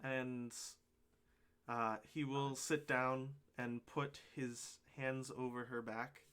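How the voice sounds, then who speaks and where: A man's voice: medium pitch, level tone, slow, fairly bright tone, clean tone. Hesitant man running a tabletop game. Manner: hesitant, lots of ums and uhs. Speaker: game master.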